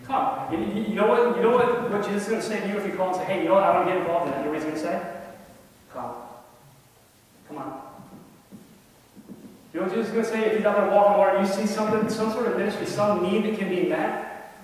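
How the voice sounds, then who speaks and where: A man's voice: high-pitched, fairly even intonation, racing. A man preaching a conversational sermon in a church, often asking the congregation questions. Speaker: lay preacher. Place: church sanctuary. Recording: echoey hall, voice from far off.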